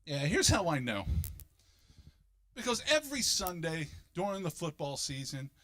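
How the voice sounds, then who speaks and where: A man, doing a stand-up comedy set and jumping into loud exaggerated voices for punchlines. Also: on the high side, sing-song, normal speed. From Philadelphia, United States. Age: 50s.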